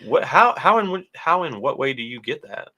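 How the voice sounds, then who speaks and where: A man's voice: medium pitch, sing-song, fairly quick, bright, forceful tone. A man co-hosting a casual whiskey tasting livestream, chatting and reading viewer comments aloud. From United States. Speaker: whiskey show co-host.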